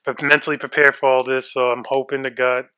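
A man's voice: medium pitch, flat delivery, fast talker, bright, forceful tone, clean tone. A young man co-hosting a casual podcast chat, nervous and shaky, swearing freely as he frets aloud. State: shaky and freaked out. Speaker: podcast co-host.

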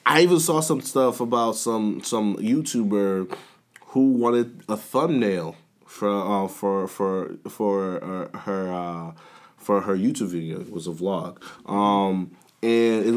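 A man's voice: sits low, unhurried. A man chatting casually with friends, telling stories with lots of restarts and acted-out quotes. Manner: animated storyteller, many restarts, acts out quotes. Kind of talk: casual chat.

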